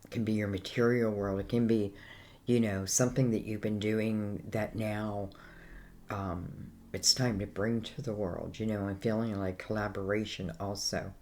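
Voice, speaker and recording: A woman's voice: extremely low pitch, fairly even intonation, moderate pace, dark tone, a little hiss or hum. An Irish woman giving a casual, rambling tarot reading, full of fillers like "you know" and "I feel like". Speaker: tarot reader.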